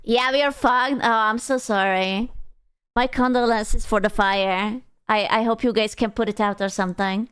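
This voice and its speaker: A woman's voice: fairly high pitch, a little slow, a bit bright, smooth. A young woman streaming, chatting casually and playfully, teasing and swearing often. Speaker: VTuber streamer. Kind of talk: casual livestream chat.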